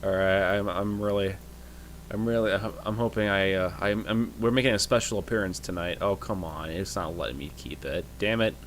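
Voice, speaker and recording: A man narrating as game master in a casual, halting way, full of fillers. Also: deep voice, a little hiss or hum.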